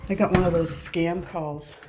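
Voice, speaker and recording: Middle-aged lady rambling on her home vlog, lowish voice, phone mic. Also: steady tone, measured pace, very noisy. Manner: rambling, chatty, self-interrupting. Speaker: vlogger. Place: house and garden, moving between indoors and outdoors.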